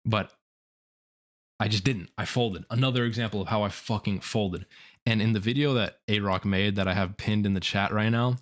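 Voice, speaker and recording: Young male streamer, lower register, guilty confessional monologue, halting and profane. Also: steady tone, fairly bright tone. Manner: remorseful, halting, profane, filler-heavy.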